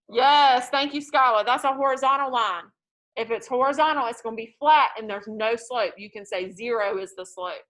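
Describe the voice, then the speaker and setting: Lady math teacher in a classroom, bright voice, cracking jokes n telling stories. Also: fairly high pitch. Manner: lively, joking, tells stories to the class.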